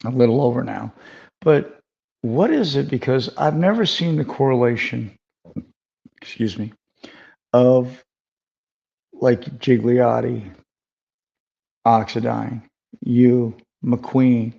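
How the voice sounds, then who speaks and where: Older man, interview host, gravelly dark voice, chatty and rambling, lo-fi sound. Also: mid-range voice, takes it slowly, pauses often. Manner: rambling, conversational, many fillers. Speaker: podcast host. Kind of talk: casual interview chat. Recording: dull lo-fi sound.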